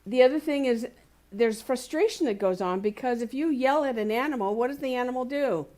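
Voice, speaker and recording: A woman's voice: on the high side, a little fast. Woman giving a chatty, anecdotal sermon. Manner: warm anecdotal storytelling with laughs and playful quoted voices. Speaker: speaker at a spiritual community service. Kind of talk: conversational sermon. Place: community center hall.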